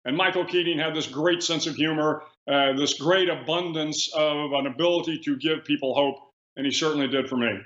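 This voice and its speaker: Man, 60s, interview guest, measured storyteller, fairly high voice, muffled line. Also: steady tone, fairly bright tone. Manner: measured storytelling, frequent "uh" and restarts. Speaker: guest author, retired admiral. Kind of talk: remote interview. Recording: echoey, dull remote line.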